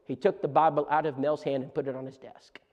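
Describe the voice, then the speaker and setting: A man preaching a seminar lesson as a story, animated and repeating words in quick bursts. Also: on the high side, lo-fi sound. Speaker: preacher teaching a church seminar. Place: church auditorium. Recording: long reverb of a church hall.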